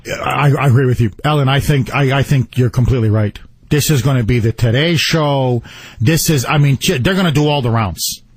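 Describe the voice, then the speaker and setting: A man's voice: medium pitch, fairly quick, husky, dry recording. A man with an English accent hosting a call-in radio show, blunt and sarcastic with his callers. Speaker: radio talk show host. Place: radio studio. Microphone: studio microphone.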